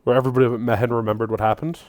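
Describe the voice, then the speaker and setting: A man's voice: mid-range voice, little pitch movement, rapid-fire, a little mellow, no echo, studio quality. A man narrating a tabletop game as game master, with joking asides to players.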